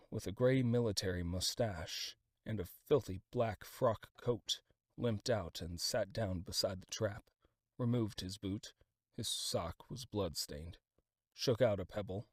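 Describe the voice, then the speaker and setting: A man reading a classic novel aloud as an audiobook, in a dramatic, expressive style of scripted narration. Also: on the low side, no echo, studio quality.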